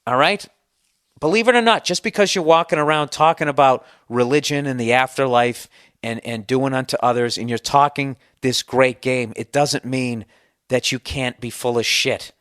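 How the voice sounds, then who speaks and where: A man's voice: medium pitch, normal speed, fairly bright tone, no echo, clean studio sound. A man from the United States hosting a podcast, ranting in a sarcastic, profane and exasperated way. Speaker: podcast host. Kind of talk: comedic podcast rant.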